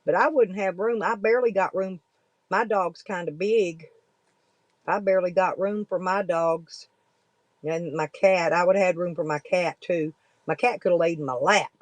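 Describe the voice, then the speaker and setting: A woman's voice: fairly low pitch, darkish tone, no echo, poor audio. Blunt woman, rambling. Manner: blunt, folksy and profane. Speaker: livestreaming vlogger. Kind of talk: casual rambling talk to viewers.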